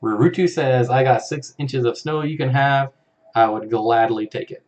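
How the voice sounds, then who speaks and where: A man's voice: mid-range voice, moderate pace. A man hosting a casual live stream, reading out viewer comments in an easygoing way and chuckling often. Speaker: live-stream host for an aquarium channel.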